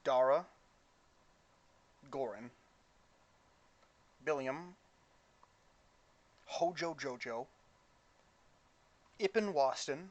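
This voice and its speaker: Man narrating as game master. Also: on the high side. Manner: casual, halting, playful narration.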